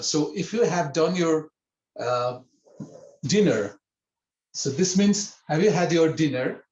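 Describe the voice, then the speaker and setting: A man leads an online language lesson, speaking very slowly and a little high. He explains each point patiently and repeats words for the learners. The audio is echoey and dull. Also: darkish tone. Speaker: language teacher.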